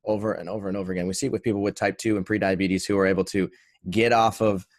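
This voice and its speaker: A man's voice: fairly low pitch, level tone, rapid-fire, dry recording, studio quality. A man, co-host and coach, explaining things in an earnest, conversational way. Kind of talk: conversational interview.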